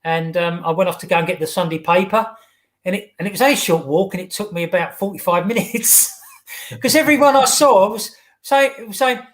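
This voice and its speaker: High-voiced chatty English man. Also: a bit bright. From England. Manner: chatty, halting storyteller with false starts. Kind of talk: casual chat.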